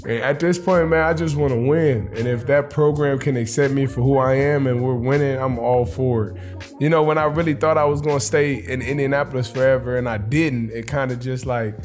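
A man's voice: mid-range voice, steady tone, brisk, darkish tone, soft background music. A man in his late twenties who plays pro football, giving a candid, loose interview answer full of slang fillers. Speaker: football player.

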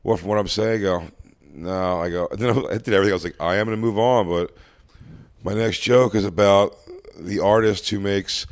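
A stand-up comedian with a lowish voice talks a little fast in casual, animated chat. Telling a story, he acts out his exchanges with a heckler and the crowd.

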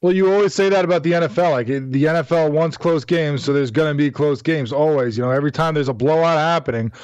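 A man's voice: a little high, a little mellow, no room sound, highs cut off. A man co-hosting a sports talk show, chatting casually and leaning on "like" and "you know". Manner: quick, conversational, says "like" and "you know" a lot. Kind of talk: casual sports radio chat.

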